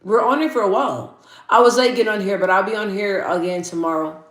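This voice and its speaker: Talking fast in a medium-pitched voice, this young woman runs a casual livestream. She reads her chat aloud, chats with viewers, and laughs frequently, with her audio sounding echoey from the room.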